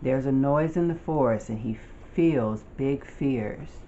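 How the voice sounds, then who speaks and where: An adult reads a children's picture book aloud at an unhurried, careful pace, lingering over each line. The voice sits at a middling pitch. The recording sounds dull and lo-fi. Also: dark tone, slight background noise. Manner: slow, deliberate storytelling delivery. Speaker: storybook reader.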